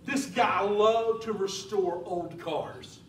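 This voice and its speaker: A man preaching a sermon as a pastor in a church, telling stories in an animated way. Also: sits high, slow, a little hiss or hum. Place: church sanctuary. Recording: roomy church sound from a distant mic.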